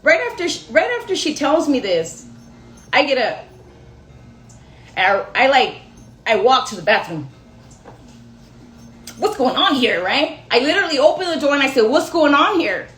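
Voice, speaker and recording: A young woman tells a long personal story straight to her viewers, rambling and poking fun at herself as she goes. Her voice sits a little high. The room around her gives a noticeable echo. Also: big pitch swings, normal speed, pauses often, a bit bright, soft background music. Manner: chatty, rambling, self-mocking with laughs. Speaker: storyteller vlogger. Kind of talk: casual storytelling to camera.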